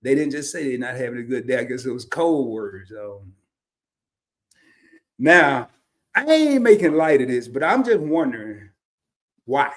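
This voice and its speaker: A man from Arkansas with a Southern accent, talking casually to a livestream audience. His voice sits at an ordinary pitch, and he drawls loosely through his stories with easy laughter. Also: sing-song, measured pace, long pauses. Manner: laid-back, drawling, laughs often. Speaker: livestream host. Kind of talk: casual storytelling monologue.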